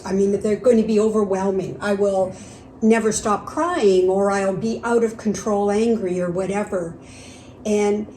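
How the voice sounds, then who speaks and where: A woman's voice: medium pitch, warm tone, echoey room, a little hiss or hum, low-quality recording. A woman in casual conversation, speaking reflectively and earnestly and often chiming in with agreement.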